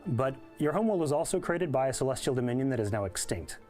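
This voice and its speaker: Game dev guy explaining his game real quick, faint music under him. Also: medium pitch, expressive, darkish tone. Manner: clear, explanatory, well-prepared. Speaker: game developer. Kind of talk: promotional developer interview.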